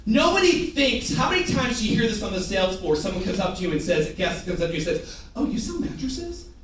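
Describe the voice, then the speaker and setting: A man's voice: high-pitched, fast talker, noisy background. A man giving a live sales training talk in a theatrical way, having the audience repeat phrases back to him. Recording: echoey room, picked up from a distance.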